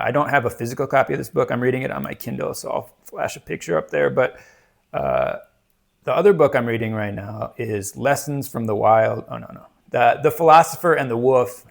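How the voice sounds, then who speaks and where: A man's voice: medium pitch, moderate pace, vocal fry. A man chatting casually about books, rambling with many fillers and restarts. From United States. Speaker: book reviewer. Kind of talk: casual book chat.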